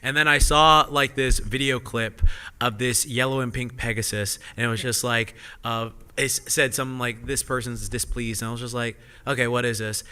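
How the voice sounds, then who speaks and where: A man speaks with a very bright, sharp tone at an ordinary pitch. He tells a rambling, animated story in casual panel talk, full of asides. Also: moderate pace, clean tone. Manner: rambling, animated, many "I was just like" asides. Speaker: podcast panelist. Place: convention panel room with audience.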